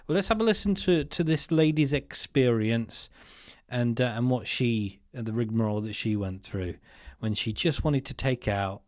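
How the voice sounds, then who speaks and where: A man delivering opinionated commentary in a sarcastic, exasperated tone, dropping slangy asides as he goes. His voice sits at an ordinary male pitch and is recorded close and dry, with no room sound around it. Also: moderate pace, a little mellow, no echo. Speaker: commentary channel host.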